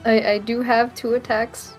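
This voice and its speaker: A woman's voice: a little high, flat delivery, normal speed, slightly rough, faint music behind. A woman playing a tabletop game, bemused and hesitant. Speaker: player.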